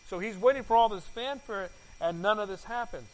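A man preaching a sermon, asking his congregation questions and repeating words, his volume swinging from loud to soft. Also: sits high, fairly quick, low-quality recording. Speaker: pastor.

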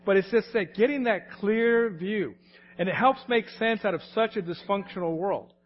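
A man's voice: high-pitched, moderate pace, muffled recording. A man in his late forties or older preaching a sermon in a conversational, anecdotal way, often laughing as he talks. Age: late 40s or older. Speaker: pastor.

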